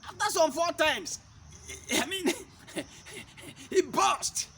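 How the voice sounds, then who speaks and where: High, bright-voiced man preaching. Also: lively intonation, very slow, slight background noise. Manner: asks rhetorical questions to listeners; emphatic, repeats key points. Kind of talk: sermon-style teaching.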